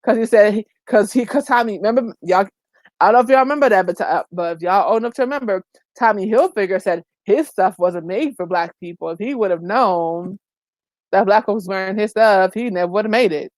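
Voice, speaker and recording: Brief: woman vlogger, animated and emphatic, slangy commentary, dry close sound. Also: mid-range voice, a little fast, dry recording. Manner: colloquial, says "child" and "girl" often. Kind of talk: opinionated commentary vlog.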